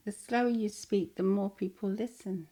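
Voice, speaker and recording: A woman's voice: medium pitch, fairly even intonation, normal speed, warm tone. A middle-aged woman from England co-hosting a podcast, playful and reminiscing in casual chat. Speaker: podcast co-host.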